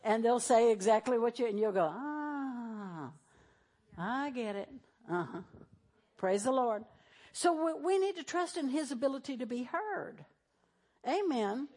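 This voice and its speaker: A middle-aged woman pastor delivers a sermon with a high, bright-pitched voice. She preaches conversationally, talking straight to her congregation and acting out the voices she quotes. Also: moderate pace.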